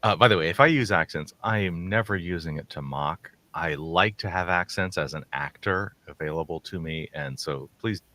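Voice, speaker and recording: Low, bright-voiced chatty man. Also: normal speed, few pauses, dry recording. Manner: chatty, rambling, with many restarts. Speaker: co-host of a call-in show. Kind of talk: casual chat.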